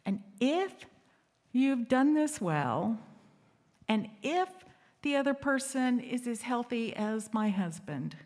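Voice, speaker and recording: A woman's voice: a little high, big pitch swings, takes it slowly, a little mellow. Woman hosting a humorous talk in a hall. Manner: candid and humorous, asks the audience questions. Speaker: assembly host. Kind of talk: storytelling talk to a live audience. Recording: reverberant hall.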